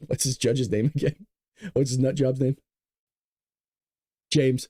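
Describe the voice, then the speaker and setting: A man's voice: fairly high pitch, expressive, quick pace, a little mellow, dry recording, clean studio sound. A male host giving sarcastic, ranting political commentary straight to his viewers. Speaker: show host.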